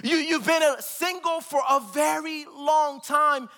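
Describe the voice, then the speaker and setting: A man with a very high, bright voice preaching in a large church hall, where long reverb trails each phrase. He drives his points hard, jokes between them, and has the congregation repeat key words after him. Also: fairly even intonation, a little slow. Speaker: pastor. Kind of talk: sermon.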